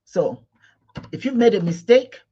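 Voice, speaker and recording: A man from Igbo Nigeria leads a spiritual talk in a somewhat high, husky voice. He stresses his points by repeating himself and restarting mid-phrase. The recording is dull and lo-fi. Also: lively intonation, unhurried, mellow. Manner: repetitive, emphatic, many restarts. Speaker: spiritual teacher.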